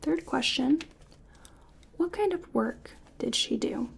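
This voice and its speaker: A woman in a whispered role-play as a clinician, giving gentle, patient step-by-step instructions in a soft, breathy whisper. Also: high voice, lively intonation, slow. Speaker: ASMR artist playing a clinician giving cognitive tests.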